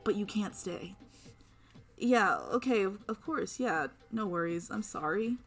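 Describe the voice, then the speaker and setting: Woman voicing a calm, guarded young woman. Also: mid-range voice, a little slow, faint music behind, natural voice. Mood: tender, hushed.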